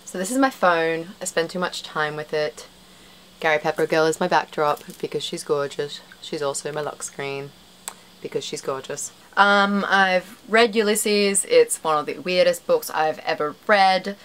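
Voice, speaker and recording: Young woman, Australian accent, casual vlog chat, rambling, low voice, faint background hiss. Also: a little slow, fairly bright tone, rough recording. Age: young adult. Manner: chatty, rambling, self-deprecating, frequent fillers. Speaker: vlogger.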